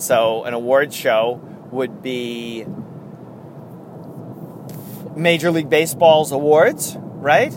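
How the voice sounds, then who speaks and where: A man with a New York accent hosting a casual solo sports podcast, rambling and excitable, laughing often. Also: medium pitch, background noise. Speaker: podcast host.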